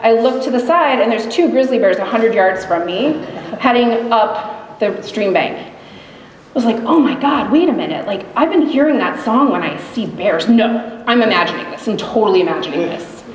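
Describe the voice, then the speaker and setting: A middle-aged woman telling a live story on stage, lively and animated, acting out the quotes. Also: on the high side, moderate pace. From grew up in grizzly bear country. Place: live event hall. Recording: echoey hall recording, faint ambience.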